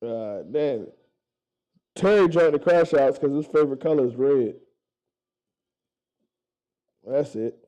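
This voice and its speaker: A man's voice: mid-range voice, slow pace, pauses often, mellow, low-quality recording. A man chatting casually to viewers, telling stories loosely with profanity and stumbling restarts, recorded on an action camera strapped to his chest. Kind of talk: casual chat.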